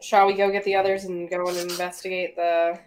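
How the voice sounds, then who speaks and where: A woman's voice: lowish voice, level tone, a little fast. A woman player in a tabletop game, talking casually and laughing easily. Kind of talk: casual tabletop role-play.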